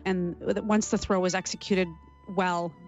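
Woman from Canada, forties, former athlete reminiscing in an interview, animated and emotional, dull lo-fi sound. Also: fairly low pitch, measured pace, faint music behind. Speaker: interview guest, former figure skater. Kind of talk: interview recollection.

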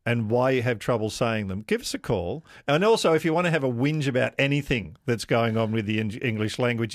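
A man hosting live talkback radio in a relaxed studio, inviting calls and gently teasing. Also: medium pitch, no echo. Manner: easygoing, inviting callers, light teasing. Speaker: radio host.

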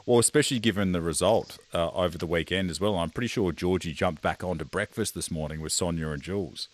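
A man's voice: sits low, fast. An Australian man around forty hosting live talkback radio in an easygoing, chatty way. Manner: easygoing, chatty, laughs along with callers. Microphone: studio microphone.

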